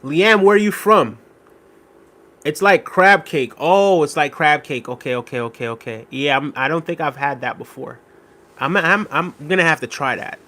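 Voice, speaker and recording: A man's voice: fairly high pitch, lively intonation, moderate pace, sharp tone. A man hosting a casual live stream, reading viewer comments aloud and thanking them by name. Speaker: livestream host reading chat.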